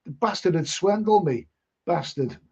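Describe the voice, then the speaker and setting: A man's voice: high voice, expressive, moderate pace, warm tone, breathy edge. A man hosting a casual live stream, reading viewer comments and telling rambling stories with blunt, mildly sweary asides. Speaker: livestream host reading chat. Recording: dull lo-fi stream audio.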